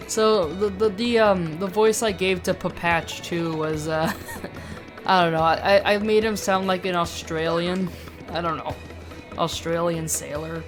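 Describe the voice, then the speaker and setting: A woman's voice: on the low side, fairly even intonation, measured pace. A woman hosting a let's-play, rambling and self-mocking with laughs in casual gameplay commentary. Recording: game music behind.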